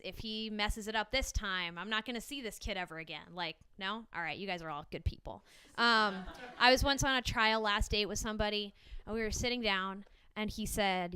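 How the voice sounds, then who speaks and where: A woman's voice: medium pitch, bright, forceful tone, slight background noise. A young woman doing a stand-up comedy set before a small live audience, chatty and self-deprecating with frequent ums and laughs.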